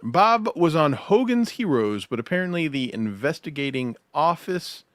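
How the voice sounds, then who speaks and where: Lively, laughing man on a livestream. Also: on the high side, moderate pace, no echo. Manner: laughs often, swears, many filler "uh"s. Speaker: guest host reading viewer donations. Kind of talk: casual livestream chat.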